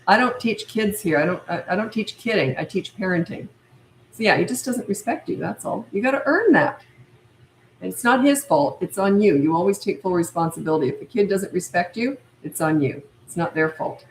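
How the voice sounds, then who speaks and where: An older parenting coach takes viewer questions on a live stream, her mid-range voice expressive and fairly quick. She's blunt and firm, repeating herself, and the poor audio comes with an echoey room and slight background noise.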